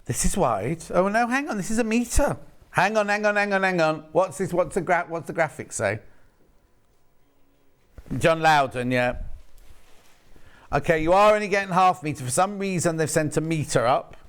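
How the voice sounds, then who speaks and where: This man hosts a live shopping broadcast from a TV studio, and his voice sits a little high for a man. He rambles cheerfully between bolts of fabric and reads each price aloud in a casual sales patter. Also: expressive, normal speed, pauses often, clear, resonant tone. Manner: chatty and rambling, reading out prices between asides. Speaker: shopping channel presenter.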